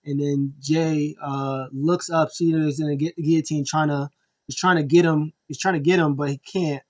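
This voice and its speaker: A man hosting a wrestling review, retelling a match in an excited, rambling play-by-play way. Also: fairly high pitch, moderate pace. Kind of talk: casual wrestling recap.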